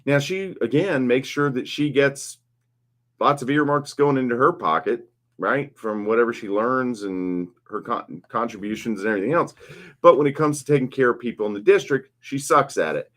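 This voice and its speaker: A man's voice: medium pitch, moderate pace, a bit bright. A man in his fifties, a political candidate talking casually on a live stream, blunt, passionate and rambling. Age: 50s. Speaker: congressional candidate.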